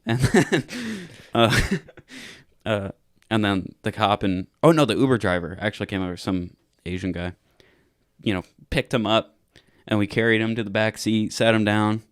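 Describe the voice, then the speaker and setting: A young podcast host with a somewhat low, smooth voice spins a rowdy bar story, swearing freely and acting out what everyone said. The sound is dry and close, with no room in it. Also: male voice, moderate pace, dry recording. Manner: profane, animated retelling with acted-out quotes. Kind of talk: casual storytelling.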